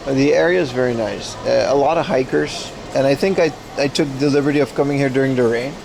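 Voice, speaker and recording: A Dutch man hosts a casual IRL livestream outdoors, walking through a rainy mountain town, chatty and rambling and laughing often. His mid-range voice is creaky and quick, with a noisy background.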